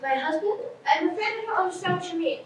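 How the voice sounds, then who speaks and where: A woman acting as a proper upper-class lady who is easily alarmed, in a live school stage play. Her voice sits very high, and it rings through an echoey hall from a distance. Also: expressive, quick pace. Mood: flustered. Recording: echoey hall from far off, faint hiss.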